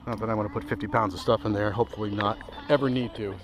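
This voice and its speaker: Talking rapid-fire in a lowish voice with fairly even intonation, a man walks viewers through his hammock setup among the trees. The gear reviewer is enthusiastic and rambling, often breaking off partway through sentences in this casual demo vlog. The recording is rough.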